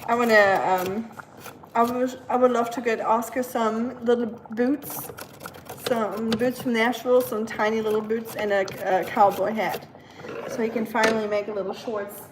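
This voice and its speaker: A woman with a slightly high voice chats on a live stream while she cooks in her kitchen. She talks easily to her dog and reads out viewer comments between tasks. Dishes and pans clatter clearly in the background. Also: fairly even intonation, moderate pace, noisy background. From learned British English. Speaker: livestream host. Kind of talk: casual live-stream chat while cooking. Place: home kitchen. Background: kitchen clatter of dishes and pots.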